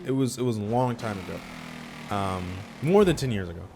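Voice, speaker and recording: A young man telling a rambling personal story in casual chat, full of restarts and flaring up loud when annoyed. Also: on the low side, lively intonation, normal speed, vocal fry, noisy background. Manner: rambling with many restarts, gets worked up and loud. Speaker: podcast host telling a story.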